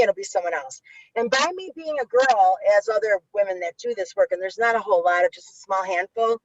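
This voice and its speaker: A middle-aged woman with a medium-pitched voice, a guest who works as a violence interrupter, tells animated stories in an interview. She swears freely and acts out the voices of people she quotes. The recording has no echo, but its highs are cut off.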